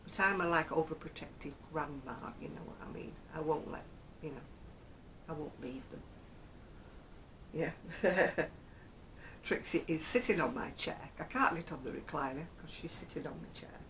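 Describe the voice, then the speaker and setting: A woman's voice: deep voice, moderate pace, fairly bright tone, a little hiss or hum, rough recording. A woman from Oldham with a Northern English Lancashire accent, chatting casually to camera in a rambling way and often chuckling. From Oldham, England. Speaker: crochet vlogger.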